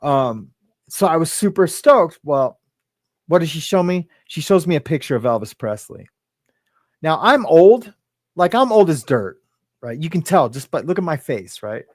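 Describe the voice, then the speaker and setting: A man's voice: a little high, big pitch swings, moderate pace, a little mellow, no echo. A middle-aged man telling a personal story as a podcast guest, rambling with lots of "right?" and "like", emotional and close to tears.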